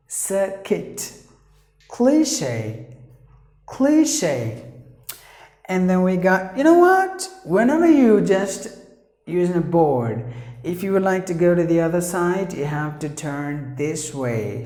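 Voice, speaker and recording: A man teaching English pronunciation in a classroom, saying each word twice, slowly and deliberately. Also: on the high side, darkish tone. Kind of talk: pronunciation lesson. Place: classroom with a board. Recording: echoey room.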